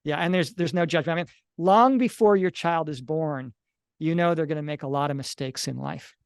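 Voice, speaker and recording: A middle-aged man who writes about and analyzes near-death experiences gives earnest, explanatory interview answers, now and then acting out little quoted dialogues. His voice is on the high side at a normal speed, smooth, in a dry, clean studio recording.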